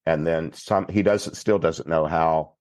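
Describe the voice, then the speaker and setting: A man from Texas, a priest guest on a podcast, telling a story in an unhurried, plainspoken way. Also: extremely low pitch, fairly even intonation, darkish tone, dry recording. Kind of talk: recounting a story in conversation.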